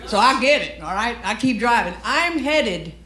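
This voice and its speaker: A woman's voice: fairly high pitch, lively intonation, moderate pace, pushed and bright. Brash Cajun woman doing stand-up. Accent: Cajun Southern US. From Louisiana. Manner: brash, profane storytelling with quoted asides. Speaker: stand-up comedian. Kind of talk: stand-up comedy set. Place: comedy stage with live audience. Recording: roomy live venue with faint ambience.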